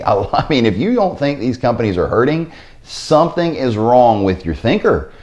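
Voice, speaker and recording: Animated sarcastic male finance vlogger. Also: mid-range voice, normal speed. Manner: animated, sarcastic asides, repeats stock phrases. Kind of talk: casual to-camera investing vlog.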